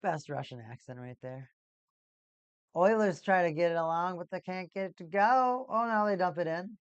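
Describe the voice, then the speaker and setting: A livestream host giving casual play-by-play commentary on a hockey game for a watch party, an excitable talker who gets loud at big plays. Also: mid-range voice, moderate pace, smooth, no room sound, lo-fi sound.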